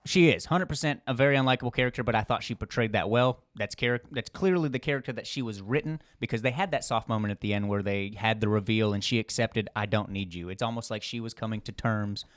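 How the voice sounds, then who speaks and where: A man co-hosting a podcast in casual chat, animated and sarcastic, laughing often. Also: mid-range voice, fast, hardly any pauses, no room sound, clean studio sound. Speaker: podcast co-host.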